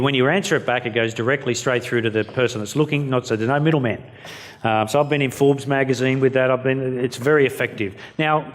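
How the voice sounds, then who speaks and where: Aussie bloke doing a keynote, cheeky blunt stories, middle pitch voice. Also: male voice. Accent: Australian. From Australia. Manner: jokey, blunt, story-driven. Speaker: keynote speaker. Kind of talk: storytelling keynote speech.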